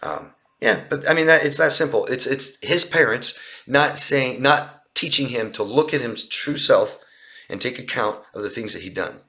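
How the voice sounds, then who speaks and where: Bright-voiced male coach answering questions. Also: medium pitch, normal speed. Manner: earnest, explanatory, repeats and restarts phrases. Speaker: relationship coach. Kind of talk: live Q&A answering viewer questions. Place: outdoors by a street.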